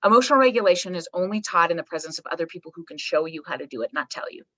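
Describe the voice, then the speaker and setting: A woman's voice: lowish voice, lively intonation, very fast, bright, forceful tone, no room sound, poor audio. A woman psychologist guest talking emphatically on a podcast, swearing casually and checking in with "right?" and "okay". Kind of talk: energetic podcast conversation.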